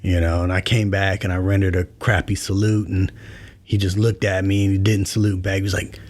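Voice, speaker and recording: Low-voiced man hosting a storytelling podcast. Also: fairly quick, no echo. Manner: relaxed, conversational, many fillers. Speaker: podcast host. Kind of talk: casual storytelling monologue.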